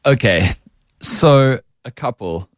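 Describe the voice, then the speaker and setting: A man's voice: mid-range voice, expressive, slow, dry recording. A South African man speaking as an articulate, opinionated guest on a radio panel in a studio. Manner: articulate, opinionated, acts out quoted voices. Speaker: panel guest, media personality.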